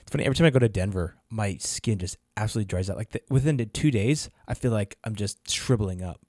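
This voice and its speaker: Easygoing low-voiced man from the South. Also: quick pace, a little mellow, no echo, clean studio sound. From American South. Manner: easygoing, joking reactions. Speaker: podcast co-host. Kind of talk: casual chat.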